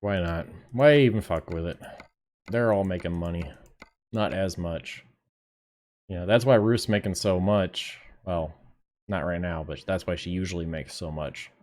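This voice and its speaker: A fairly low-voiced young man streaming a game. He talks to his viewers in a relaxed, off-the-cuff way and swears casually. His commentary stays loose and unscripted. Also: a little slow. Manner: chatty, laid-back, swears casually, talks to chat. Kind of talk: casual live gameplay commentary.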